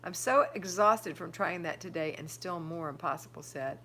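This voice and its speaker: Her tone is forceful and bright, her voice lowish, and her speed normal, with a little hiss or hum audible. An older woman on a live stream, she responds to viewer comments in casual chat and gives firm homemaking guidance.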